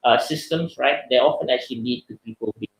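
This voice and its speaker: A man with a Malaysian English accent giving a webinar lecture, lively and animated, acting out the voices of people he quotes. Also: quick pace. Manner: lively, acts out quoted voices in high pitch. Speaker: seminar speaker. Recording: echoey room.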